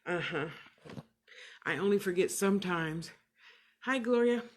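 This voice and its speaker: A clairvoyant medium gives casual livestream readings, animated and emphatic, sassy yet motherly, often repeating phrases for emphasis. Her voice sits lowish and she speaks at a measured pace.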